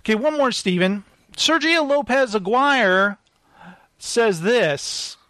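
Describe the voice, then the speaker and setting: A man hosting a casual movie chat, playful and quick to giggle as he reads out reviews. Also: very high-pitched, lively intonation, bright, forceful tone, no echo. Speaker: podcast host.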